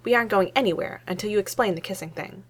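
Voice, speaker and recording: A woman's voice: mid-range voice, fast, breathy edge, close to an everyday voice. A woman reading aloud voices a blunt, impatient young woman in a storybook scene.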